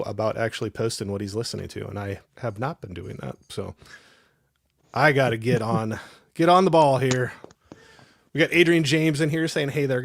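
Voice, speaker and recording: A man's voice: medium pitch, no echo. Chatty man laughing through a livestream. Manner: rambling, laughs often, reads chat aloud. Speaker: host. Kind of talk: casual livestream chat.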